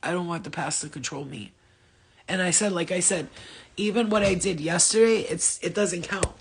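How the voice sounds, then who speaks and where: A man's voice: sits high, normal speed, a little hiss or hum. A man giving a casual motivational rant to his viewers, with a blunt, profane, rambling manner. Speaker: spiritual vlogger.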